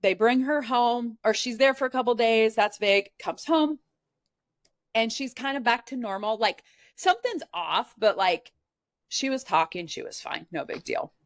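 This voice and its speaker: A podcast guest from Nebraska, USA, tells a personal story earnestly and candidly, often using "like" as filler. Her voice is a little high and animated, and she speaks a bit slowly, recorded with clean studio sound and no echo.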